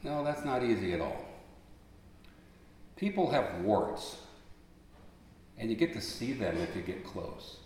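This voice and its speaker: A man preaching a sermon, telling stories, then rising into emphatic appeals before dropping back to a soft voice. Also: fairly low pitch, animated, slow, long pauses. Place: large church sanctuary. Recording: long echo of a large church hall.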